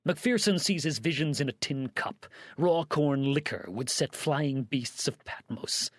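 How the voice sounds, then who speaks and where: A man reading a story aloud and voicing a gruff, angry male ranch owner who blusters and curses. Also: mid-range voice, animated, measured pace, fairly bright tone, dry recording, clean studio sound, voice pushed up. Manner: blustering, cursing.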